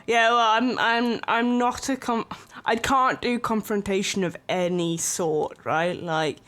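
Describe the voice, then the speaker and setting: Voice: mid-range voice, fairly even intonation, a little slow, fairly bright tone, soft background music. A streamer chatting casually and rambling, with lots of filler words and small laughs.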